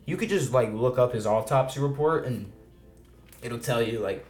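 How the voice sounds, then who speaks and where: A man's voice: medium pitch, normal speed, darkish tone, roomy sound, faint music behind. A man co-hosting a podcast in casual chat, rambling and restarting often and swearing casually. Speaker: podcast co-host.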